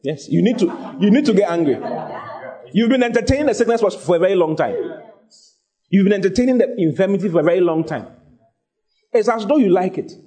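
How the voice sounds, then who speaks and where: A man's voice: high-pitched, animated, brisk, pauses often, dark tone. A man preaching a sermon, emphatic and repeating his key phrases as he exhorts the congregation.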